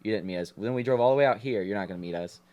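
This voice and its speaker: A man, a podcast guest and rapper, telling stories quickly and repeating "literally" and "like.". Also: fairly low pitch, dark tone, dull audio. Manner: quick, repetitive storytelling with "literally" and "like". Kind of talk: casual chat.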